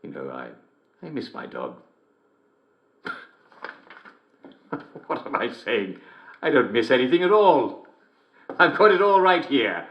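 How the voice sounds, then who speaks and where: A giggling, cruel English TV host. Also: male voice, medium pitch, big pitch swings, takes it slowly, long pauses, muffled recording. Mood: jovial, mocking. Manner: jolly, giggling constantly between lines. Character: gleeful middle-aged male TV host, smugly cruel. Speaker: television host. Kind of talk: video game character performance. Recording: roomy echo.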